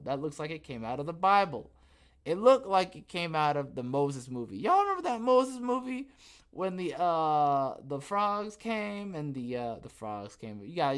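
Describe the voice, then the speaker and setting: A man hosting a casual podcast, rambling and joking as he reads viewer comments, with sudden loud, animated bursts. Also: fairly high pitch, clear, resonant tone. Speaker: podcast host. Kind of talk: casual livestream chat reading viewer comments.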